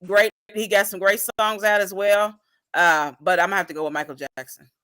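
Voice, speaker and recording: Decisive man with a very bright voice. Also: sits high, steady tone, brisk, clear, resonant tone. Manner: decisive, repeating his pick for emphasis. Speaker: co-host. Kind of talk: casual chat.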